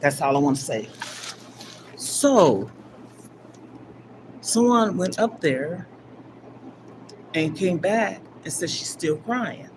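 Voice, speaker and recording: A woman's voice: fairly low pitch, very animated, slow, long pauses. Older woman rambling emotionally on a live stream. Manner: rambling and emphatic, swinging from loud bursts down to near-whispers. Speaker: livestream host. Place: gym. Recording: livestream with clear background noise.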